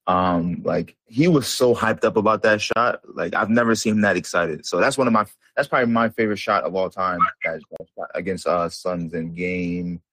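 On a podcast, a young co-host with a very low voice talks basketball in a casual, rambling way, leaning on slang and fillers. He sounds close and dry, with no room sound around him.

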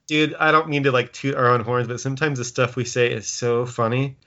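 A man hosting a podcast in casual chat, relaxed and rambling, laughing often. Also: mid-range voice, normal speed. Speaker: podcast host. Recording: dull lo-fi sound.

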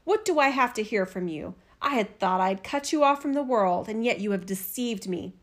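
A woman's voice: medium pitch, expressive, normal speed, natural voice. A woman doing a mocking, spiteful old witch. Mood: furious. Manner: yelling, mocking.

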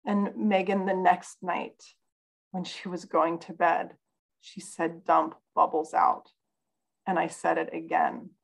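A woman's voice: on the low side, little pitch movement, unhurried, creaky, low-quality recording. A woman guest on a podcast, telling a personal story in an earnest, candid way. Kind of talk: casual conversation, personal storytelling.

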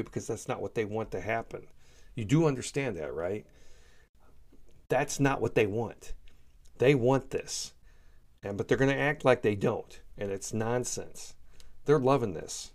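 An American man delivers heated, emphatic political commentary at a moderate pace in an animated, medium-pitched voice. It's opinionated solo talk, and he often repeats himself for emphasis.

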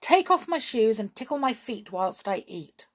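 A woman's voice: on the high side, very animated, normal speed, voice pushed up. A woman voicing a clever young boy bluffing as a bold wizard in a storybook reading, talking in a commanding way. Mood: sly.

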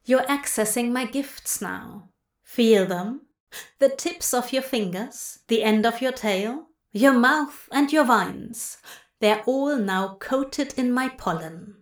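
A woman's voice: fairly high pitch, takes it slowly, reverberant. A woman voicing a seductive, sly male plant-fey king who murmurs and chuckles knowingly.

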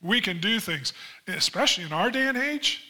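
A man preaching a sermon as pastor, in a conversational style with frequent asides, acting out quoted voices animatedly. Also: moderate pace. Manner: animated storytelling, acts out quoted voices with big pitch jumps; conversational, many "you know" asides.

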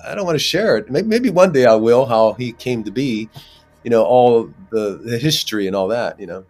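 A man's voice: mid-range voice, lively intonation, moderate pace, darkish tone. A man, an actor, talking casually in an interview, rambling with many restarts and fillers. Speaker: actor guest.

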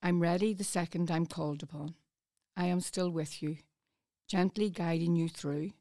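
A woman, a community volunteer, reading a poem aloud in a soft, earnest, unhurried way. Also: lowish voice, steady tone, no room sound, studio quality. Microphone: studio microphone.

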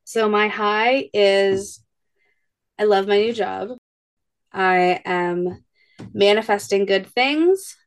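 Animated woman telling family stories. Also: mid-range voice. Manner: animated storyteller, acts out her kids' voices. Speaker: podcast co-host. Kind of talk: casual chat.

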